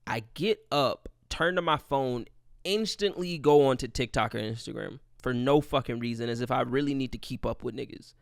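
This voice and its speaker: A man's voice: medium pitch, normal speed, creaky, dry recording, clean studio sound. A young man hosting a casual solo podcast, rambling and profane, joking at his own expense. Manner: profane, rambling, self-deprecating. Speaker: podcast host.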